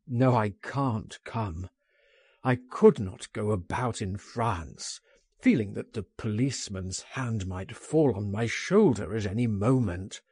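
A man voicing a frightened, despairing man awaiting trial, groaning and resigned, in a husky storybook reading. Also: medium pitch, a little mellow, no room sound, studio quality, exaggerated voice.

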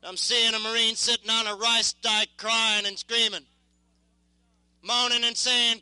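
A young man in his twenties, a war veteran, giving impassioned spoken testimony in an intense, halting, repetitive way. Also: very high voice, little pitch movement, pushed and bright, clear, resonant tone, no room sound, poor audio.

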